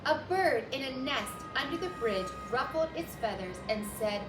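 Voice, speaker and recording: A woman reads a children's picture book aloud slowly and gently, then walks young listeners through a craft. Her voice sits a little high, and it echoes around the room with music playing behind her. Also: expressive. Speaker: children's librarian, story time host.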